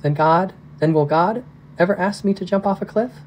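A man's voice: normal speed, a little mellow, a little hiss or hum, lightly acted, rough recording. A man reading aloud, voicing a six-year-old girl in a storybook with a small, questioning voice. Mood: worried. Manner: small questioning voice, raised pitch. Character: little girl, six, anxious and curious.

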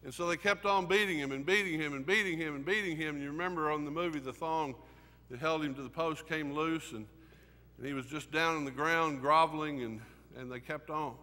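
An older man, teaching a Sunday class in an earnest, emotional way, with many pauses and fillers. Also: a little high, pushed and bright. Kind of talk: sermon. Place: church classroom. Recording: hall reverb.

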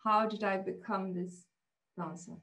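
A woman's voice: mid-range voice, fairly even intonation, a little slow, a bit bright. A woman from Sweden with a Swedish accent, an author answering questions openly and reflectively in an online conversation. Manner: open, reflective, laughs easily. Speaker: author guest.

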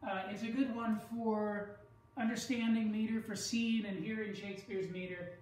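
A woman teaching a lesson, speaking slowly and deliberately and stressing syllables to show rhythm. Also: medium pitch, fairly even intonation, darkish tone, slight background noise. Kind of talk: classroom lecture. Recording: echoey room, far from the mic.

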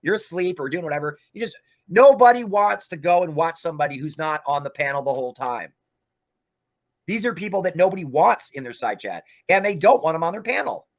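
A man's voice: fairly high pitch, lively intonation, fairly quick. A man hosting a livestream, ranting in a profane, combative way. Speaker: livestream host.

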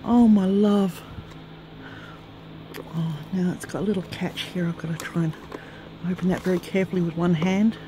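A woman crafter filming a gift unboxing at home on a handheld camera, tearful and trembling, gushing softly with many breathy sighs. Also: lowish voice, steady tone, normal speed, long pauses, noisy background. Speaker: craft vlogger. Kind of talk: emotional gift-unboxing vlog. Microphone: handheld camera, shaking.

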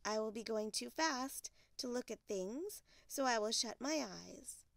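A woman's voice: fairly high pitch, expressive, measured pace, vocal fry, dry recording, clean studio sound. A woman doing an eager little bear cub. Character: small eager young male bear cub. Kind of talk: storybook read-aloud.

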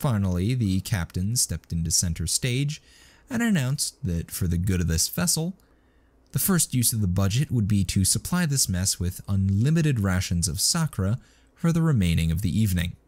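A man reading a story aloud in a steady, scripted narration. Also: on the low side, moderate pace.

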